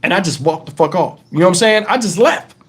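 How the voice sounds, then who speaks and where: A man's voice: sits high, quick pace. Rambling, profane storyteller man. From Texas, USA. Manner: animated, profane, rambling with many asides. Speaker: channel host. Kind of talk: casual storytelling to camera.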